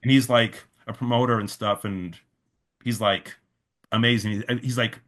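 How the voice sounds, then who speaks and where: A man's voice: medium pitch, steady tone, moderate pace, a bit bright. A man, a festival organizer, telling a long story in a casual interview, full of fillers and restarts, quoting others in his own voice.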